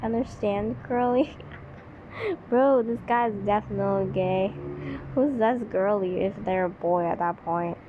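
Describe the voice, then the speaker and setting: A woman's voice: medium pitch, unhurried. A woman with a childlike-sounding voice, reading a story aloud and mocking it with incredulous asides. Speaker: channel host reading a story. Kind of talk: sarcastic reading commentary. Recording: dull lo-fi with faint hiss.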